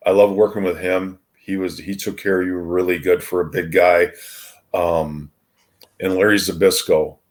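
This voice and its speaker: A man in his sixties, a retired wrestler appearing as a podcast guest, telling casual anecdotes in a rambling way with frequent ums and restarts. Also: low-pitched.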